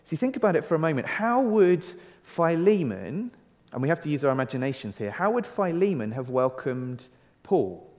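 A man preaches earnestly in a slightly raised voice, drawing out key phrases and pausing on rhetorical questions. His words carry the long reverb of a large church hall. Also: fairly high pitch, very animated, a little mellow. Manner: conversational, with restarts and rhetorical questions. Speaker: pastor. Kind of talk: sermon.

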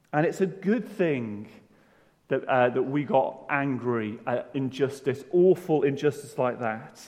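A man's voice: fairly high pitch, darkish tone. A man preaching a sermon in a church, conversational, with rhetorical questions and self-deprecating humour. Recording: long hall reverb.

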